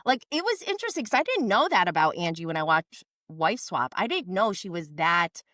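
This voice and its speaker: A woman's voice: fairly low pitch, big pitch swings, brisk, a bit bright, no echo, clean studio sound. A woman guest on a podcast, chatting casually and retelling a reality TV episode with lots of "like". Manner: chatty storyteller, many likes. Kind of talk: casual chat recapping reality TV.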